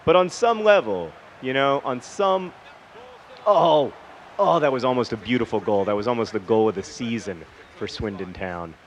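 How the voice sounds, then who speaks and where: A man's voice: mid-range voice, lively intonation, moderate pace. A man hosting a gaming video, telling a personal story in a casual, rambling way and breaking off mid-sentence to comment on the match. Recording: dull lo-fi recording, faint hiss.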